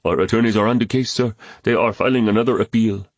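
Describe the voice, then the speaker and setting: A man's voice: lowish voice, quick pace, dry recording, voice pushed up, close to an everyday voice. A man voicing a loyal male henchman who speaks carefully and respectfully. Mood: deferential.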